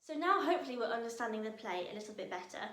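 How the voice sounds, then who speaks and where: A woman's voice: fairly high pitch, expressive, rapid-fire, fairly bright tone. A young British woman leading a drama workshop, talking energetically and playfully to her young audience. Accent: British English. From Britain. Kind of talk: lively teaching to camera. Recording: echoey room.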